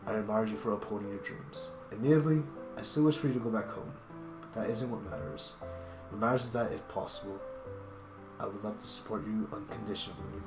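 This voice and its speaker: A man's voice: on the low side, brisk, lightly acted. A man voicing a devoted male tiger guardian spirit in a visual novel, speaking formally and tenderly. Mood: earnest. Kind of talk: reading a visual novel aloud. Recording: roomy echo with guitar music.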